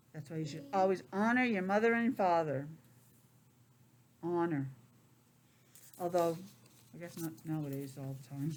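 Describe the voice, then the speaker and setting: A middle-aged woman teacher in a classroom, reading aloud to young children with lively, chatty asides. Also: lowish voice, slight background noise. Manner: chatty, expressive, drifts into personal asides. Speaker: preschool teacher.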